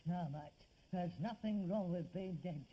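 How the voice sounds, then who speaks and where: A man's voice: high voice, unhurried, dull audio, very noisy. A man with a London Cockney accent playing Harold, a weary, sarcastic rag-and-bone son in a 1960s TV sitcom, swinging between mock grandeur and despair. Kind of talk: 1960s television sitcom acting.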